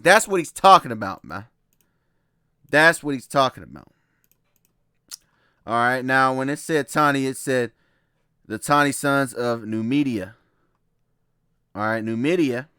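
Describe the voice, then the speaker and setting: In studio-quality audio with a clean, fairly bright tone and no echo, a man of medium pitch walks through his slides. His lecture is casual, loose and repetitive, and he laughs a lot and keeps checking in with his listeners.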